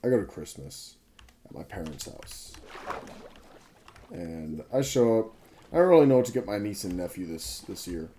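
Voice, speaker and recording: A man's voice: sits low, sing-song, moderate pace, long pauses, mellow, slight background noise. A man in his twenties who has been up all night, chatting casually and a bit ramblingly over his gameplay, often correcting himself and swearing freely. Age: 20s. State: sleep-deprived, up all night. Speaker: gaming video creator.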